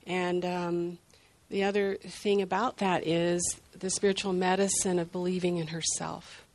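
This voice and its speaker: An older grandmother telling a heartfelt personal story in an unhurried, reflective way. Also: on the low side, flat delivery, a little mellow, slight background noise. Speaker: group sharer.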